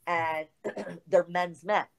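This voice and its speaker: A woman's voice: lowish voice, drawn-out words, vocal fry, noisy background. A middle-aged woman, a guest telling a story in a casual interview and acting out the lines of the people in it. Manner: animated storyteller acting out quoted dialogue, swears freely.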